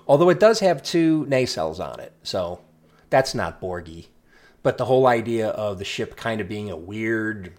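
A man co-hosting a podcast, chatting casually, opinionated and dry with deadpan asides, sometimes tripping over his words. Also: on the low side. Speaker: podcast co-host. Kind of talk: casual chat.

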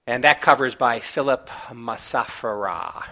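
A man reviewing comic books, recapping the plot in a relaxed, chatty way with small asides. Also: medium pitch, a little slow.

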